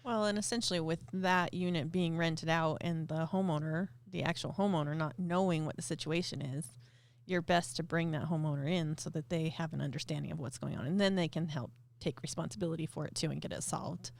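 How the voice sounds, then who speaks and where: A man co-hosting a podcast who gives practical advice in a measured, casual way. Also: fairly high pitch, creaky. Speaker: podcast co-host.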